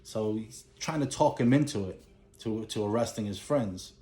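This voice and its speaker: A man's voice: lowish voice, normal speed, warm tone, roomy sound, slight background noise. A man casually recapping a movie plot in a rambling way, with lots of "you know" and "he's like". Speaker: movie collector recapping a film.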